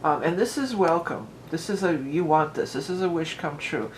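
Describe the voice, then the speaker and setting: A woman's voice: low-pitched, animated, normal speed, slight background noise. A woman giving a casual tarot reading at home. She talks in a chatty, rambling way and often wanders into asides. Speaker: tarot reader. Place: at home with a dog nearby.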